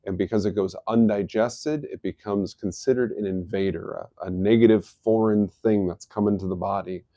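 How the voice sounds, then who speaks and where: Mellow-voiced man hosting a health stream. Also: on the low side, steady tone, normal speed, no room sound, clean studio sound. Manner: easygoing, explanatory, chuckles at his own jokes. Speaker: host of a health live stream. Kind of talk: casual live-stream talk.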